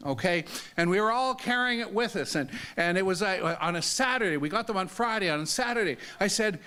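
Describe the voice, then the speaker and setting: An older man telling a story to an audience in a high, bright voice. He is casual and funny, and keeps tossing in little "okay?" check-ins as he goes. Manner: conversational, humorous, frequent "okay?" check-ins. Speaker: disability advocate speaker. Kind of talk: storytelling talk.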